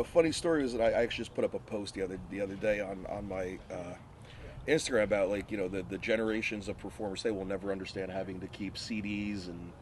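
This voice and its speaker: A man with a fairly low voice tells loose, rambling stories, often breaking into laughter. A faint hum sits behind him. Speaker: wrestler guest. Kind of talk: casual storytelling.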